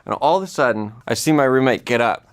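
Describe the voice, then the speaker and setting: A man telling a comic personal story in an animated way, his voice climbing high when he panics. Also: fast, slight background noise.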